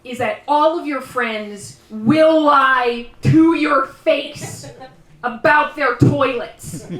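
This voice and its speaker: A woman from Canada performing a live stand-up comedy set, chatty and rambling, with quick asides and mock complaints. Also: high voice, fairly bright tone. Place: live show at a small guesthouse venue. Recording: roomy distant live room sound.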